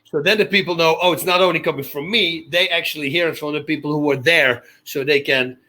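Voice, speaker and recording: A man, an interview guest telling wild anecdotes in an excitable way and laughing often. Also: on the high side, a little fast. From Netherlands. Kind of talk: animated storytelling in a casual interview.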